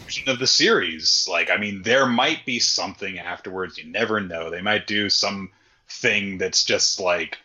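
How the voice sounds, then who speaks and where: A man's voice: sits low, normal speed, sharp tone. A man co-hosting a casual chat, giving laid-back commentary on a story. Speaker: podcast co-host. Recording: slightly dull, lo-fi sound.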